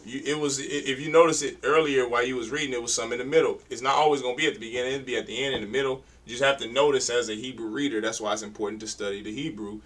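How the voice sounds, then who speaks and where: A man's voice: medium pitch, steady tone, very fast, hardly any pauses, a bit bright, poor audio. A man teaching a class to read Hebrew, correcting students and stressing pronunciation in a colloquial way. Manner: emphatic, corrects readers, colloquial. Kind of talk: classroom instruction.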